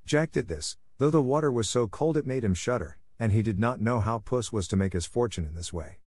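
A man narrating a fairy tale in a steady, even storytelling manner, close to the mic. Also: mid-range voice, fairly quick, dry recording. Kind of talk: scripted audiobook narration.

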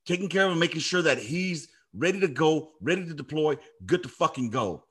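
A man's voice: on the high side, animated, fairly quick, a bit bright, slightly rough. A middle-aged man who is an army veteran, talking casually and telling stories with heavy, emphatic swearing. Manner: profane, emphatic storytelling. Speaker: podcast host, army veteran. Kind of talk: casual chat.

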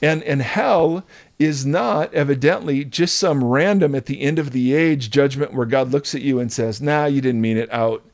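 A middle-aged male pastor talks through faith with earnest, animated energy, often restarting his sentences. His voice sits at an ordinary pitch and is recorded close and dry, with no room sound. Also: normal speed, no echo. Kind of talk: conversational teaching on faith.

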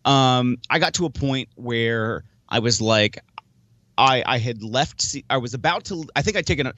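A man chats casually on a podcast and rambles through his stories, often restarting and acting out his own thoughts. His voice sits at a middling pitch. The audio is dry and a bit dull. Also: a bit bright, no echo. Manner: rambling, many restarts and quoted self-talk. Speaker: podcast host; wrestler and promoter. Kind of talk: casual chat.

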